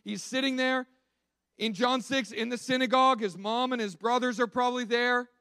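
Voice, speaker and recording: A man's voice: very high-pitched, fairly even intonation, normal speed, bright, forceful tone, no room sound. A man preaching a sermon in a conversational, emphatic way, often restarting and repeating words.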